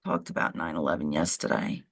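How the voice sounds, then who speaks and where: A woman's voice: a bass voice, fairly even intonation, fairly quick. A woman co-hosting a live stream, chatting casually and rambling while she calls her dog over. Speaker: co-host of a live show.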